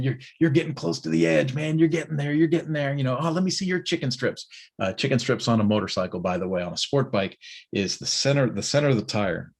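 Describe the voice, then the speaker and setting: A man's voice: lowish voice, breathy edge. A middle-aged man telling a casual story during a morning check-in. He talks in loose restarts and acts out the people he quotes. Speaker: business owner giving a morning check-in. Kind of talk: casual spoken monologue.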